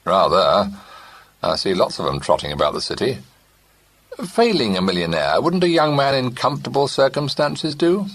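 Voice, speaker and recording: A blunt young gentleman suitor in an audiobook who goes straight to the point and refuses to give up, as a male narrator does him. His delivery is a little lifted from the narration, husky and lively in pitch. The sound is close and dry. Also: normal speed, dry recording. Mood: teasing.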